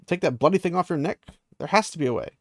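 A man reading out a restless, impulsive young woman's lines in a loose paraphrase, lifting his pitch a little for her. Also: expressive, quick pace, no echo, studio quality. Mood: urgent. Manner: loose paraphrase, barely acted.

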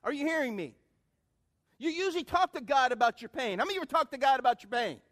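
Pastor guy, really high voice, preachy back-and-forth with the church, loud then soft. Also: lively intonation, quick pace. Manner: preachy call-and-response, swings from loud to hushed. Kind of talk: sermon.

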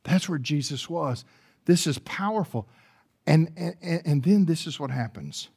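A man with a notably high-pitched voice delivers a sermon. He tends to repeat and restart words as he goes, and he swings from quiet, low stretches to loud, climbing preaching. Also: lively intonation, a little slow, vocal fry, husky. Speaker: pastor.

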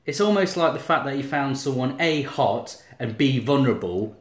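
A man trading sarcastic remarks about a film on a podcast. His pitch moves around a lot as he talks. The room echoes around his voice. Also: lively intonation, normal speed. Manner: wry, sarcastic commentary. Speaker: podcast co-host. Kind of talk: casual chat about a film. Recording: roomy echo.

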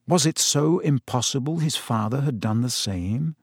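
A man reading a fantasy novel aloud in steady, measured storytelling narration. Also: mid-range voice, breathy edge, no room sound, clean studio sound. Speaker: audiobook narrator. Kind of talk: scripted narration.

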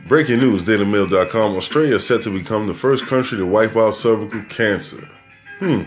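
A man's voice: fairly low pitch, brisk, faint music behind. A man hosting a podcast, riffing brashly and rambling through news stories with constant swearing. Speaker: podcast host. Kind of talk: profane news commentary podcast.

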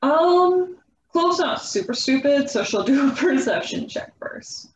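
A woman's voice: high-pitched, expressive, measured pace, slight background noise. A woman playing a tabletop game, casual, giggly and hesitant with ums. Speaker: player. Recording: echoey slightly dull room sound.

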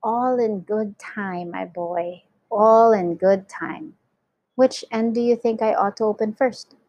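A woman voicing an excited, secretive old grandfather who talks in conspiratorial whispers, in a storybook reading. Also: mid-range voice, slow pace, no echo, muffled recording, natural voice. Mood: teasing.

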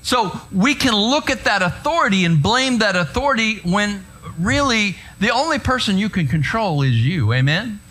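Lively conversational preacher man. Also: high-pitched, moderate pace, few pauses. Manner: conversational, anecdotal preaching with frequent "right?" asides. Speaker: pastor. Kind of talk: sermon.

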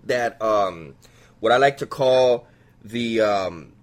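A man hosting a casual interview, relaxed and hyping up his guest. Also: lowish voice, slow. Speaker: podcast host.

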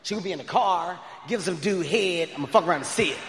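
Performing stand-up in a big comedy club, this excitable male comic talks fast and loud in a high voice as he tells his story. Long live-venue reverb and a faint crowd murmur surround him.

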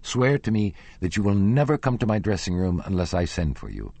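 A man's voice: deep voice, very animated, a little fast, creaky, warm tone, no echo, full character voice. A man reading as a frightened young woman singer. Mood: fearful. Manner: pleading and fearful. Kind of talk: audiobook character reading.

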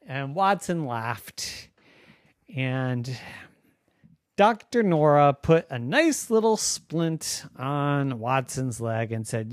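A man tells an improvised bedtime story slowly and gently, his voice rising and falling in a lively, playful way. The sound is close and dry. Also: mid-range voice, dry recording.

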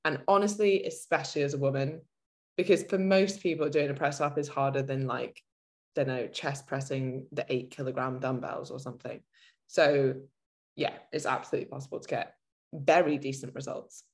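Woman with a really low voice, chill podcast co-host answering questions. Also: moderate pace. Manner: relaxed, reading out listener questions. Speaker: podcast co-host and fitness coach. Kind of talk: casual chat.

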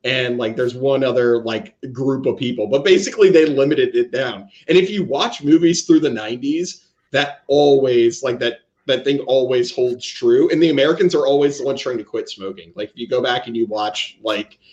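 A man's voice: medium pitch, normal speed, darkish tone, dull audio. A man co-hosting a casual movie chat, rambling through tangents with frequent restarts. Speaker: podcast co-host.

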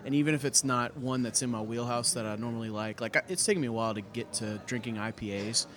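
A man's voice: medium pitch, fast talker. A man, a pastor co-hosting a podcast, chatting earnestly and laughing easily at a brewery. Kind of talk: casual chat. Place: brewery taproom. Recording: busy taproom crowd noise. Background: crowd chatter.

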